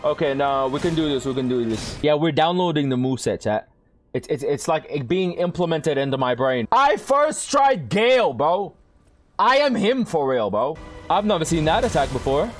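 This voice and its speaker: A young man giving live gameplay commentary to his chat, excitable and swearing, often yelling at the game. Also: on the high side, moderate pace, faint music behind. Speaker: gaming streamer.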